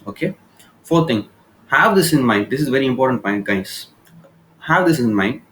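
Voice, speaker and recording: An Indian man teaches communication skills over slides in a recorded lecture, explaining informally and often asking "okay?" between points. His mid-range voice has lively intonation at normal speed and sounds a bit bright. The laptop recording is low quality, with slight background noise.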